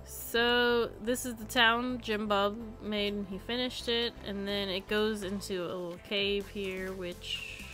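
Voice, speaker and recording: A woman's voice: medium pitch, flat delivery, takes it slowly, hardly any pauses, music in the background. A young woman live-streaming a building game, chatting casually and giggling often.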